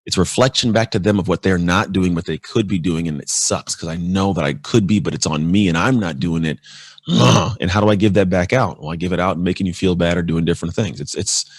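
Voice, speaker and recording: A man speaking as a podcast guest in casual conversation, energetic and acting out quoted exchanges as he tells stories. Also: deep voice, brisk, husky, no echo. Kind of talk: casual interview talk.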